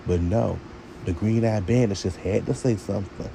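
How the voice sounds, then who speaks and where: Sassy man with a gravelly voice. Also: lowish voice, moderate pace, background noise. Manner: sassy, talks straight to viewers. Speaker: TV show reviewer. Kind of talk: casual opinionated rant.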